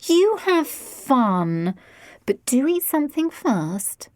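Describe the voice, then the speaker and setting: A woman voicing a doting, dramatic middle-aged mother who gushes and turns shrill. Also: a little slow, darkish tone, no echo, studio quality. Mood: indulgent. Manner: gushing, shrill when upset.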